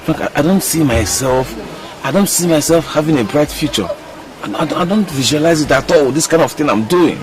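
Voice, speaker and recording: A man's voice: fairly high pitch, brisk, far from the mic, close to an everyday voice. An actor with a Nigerian accent playing a troubled young man who left school for his sick father, stammering as he talks. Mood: despairing. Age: young adult. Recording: voice from off the mic. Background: music.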